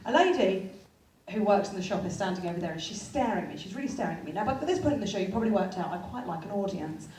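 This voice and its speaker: A woman's voice: medium pitch, lively intonation, racing, darkish tone, echoey room. A woman in her thirties from England performing a chatty, self-deprecating stand-up comedy set on a venue stage. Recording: live theatre, far mic, crowd laughter.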